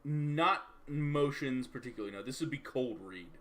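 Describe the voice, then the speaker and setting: A man's voice: mid-range voice, normal speed, noisy background. Man running a tabletop game. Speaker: game master.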